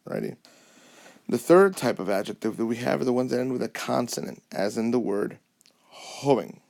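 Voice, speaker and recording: A man's voice: medium pitch, lively intonation, normal speed, creaky, a little mellow. A man teaching a Spanish lesson over a whiteboard app, patiently checking understanding with frequent "okay?" and "alrighty?". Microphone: tablet mic over whiteboard app.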